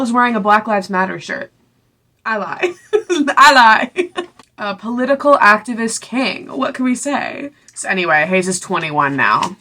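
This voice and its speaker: A young woman casually recapping a book, sarcastic and chatty, acting out the characters' lines in quick little voices. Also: a little high, sharp tone. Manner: sarcastic, chatty, full of "like" and asides. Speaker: book reviewer.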